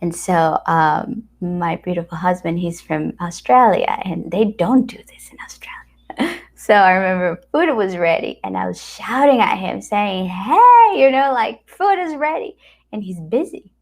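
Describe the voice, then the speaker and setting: A woman from America, giving a motivational talk full of personal anecdotes, acting out what people said and sometimes dropping to a soft whisper. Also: lowish voice, unhurried, vocal fry. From Latin America. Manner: animated storyteller acting out quoted dialogue. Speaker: speaker at a wellness retreat center.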